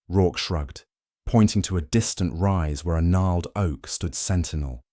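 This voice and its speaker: A man narrating a mystery audiobook in a measured, dramatic way. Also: low voice, mellow, no echo, clean studio sound.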